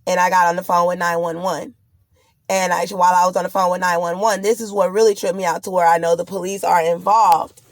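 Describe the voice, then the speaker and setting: Talking fairly quickly with little pitch movement, a pregnant woman with a fairly low voice vlogs about a frightening ordeal. Her distressed account to camera is urgent, rambling and fearful, in a dry recording.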